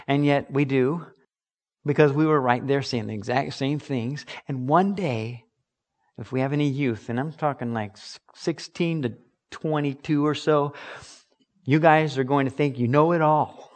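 A man's voice: medium pitch, unhurried. A man preaching a sermon as pastor, earnest and emphatic, acting out little examples.

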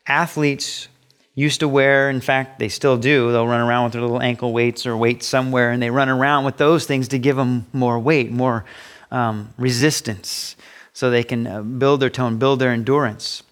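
A middle-aged man preaching a sermon as pastor, emphatic, rising high when he acts out voices. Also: steady tone, moderate pace, a bit bright. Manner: emphatic preaching, pitch rising sharply on quoted asides.

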